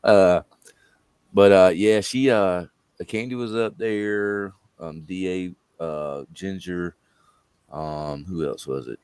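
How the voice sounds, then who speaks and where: A man's voice: deep voice, takes it slowly, a little mellow, smooth, no echo. A man hosting a live stream, chatting casually and laughing often. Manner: laid-back, laughs often. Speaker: stream host. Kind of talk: casual chat.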